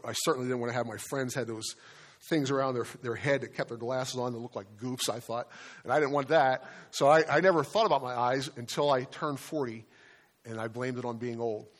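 A man in his fifties preaching a sermon as pastor, earnest and conversational, slowing down and dropping to a hush on key words. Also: medium pitch. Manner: conversational storytelling with restarts.

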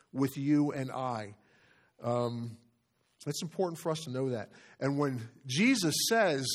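A man's voice: mid-range voice, a little mellow. A man preaching a sermon as pastor, earnest and stressing phrases by repeating them.

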